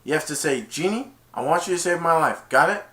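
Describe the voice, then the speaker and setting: Reviewer doing a wisecracking cartoon genie, high and bouncy. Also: male voice, lively intonation, brisk, pushed and bright. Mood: excited. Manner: high, jumpy put-on voice. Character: wisecracking male genie, loud and excitable.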